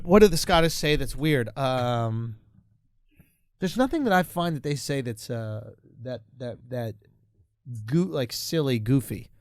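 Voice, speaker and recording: Male comic co-host, lively pitch, slow drawn-out delivery, big laughs. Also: dry recording, clean studio sound. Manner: loud laughing, tries on comic accents. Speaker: comedian co-host. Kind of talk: casual podcast banter.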